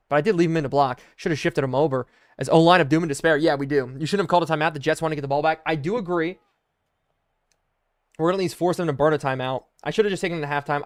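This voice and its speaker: A young man streaming a football video game live, calling plays, shouting in excitement and thanking chat. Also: a little high. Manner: excitable, bursts into loud exclamations, thanks viewers rapidly. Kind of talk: live stream commentary while reading chat.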